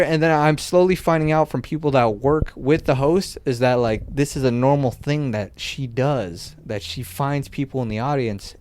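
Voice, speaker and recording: A young man on a podcast telling a story casually, loose and animated, full of filler words and swearing. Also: medium pitch, no room sound. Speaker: podcast co-host.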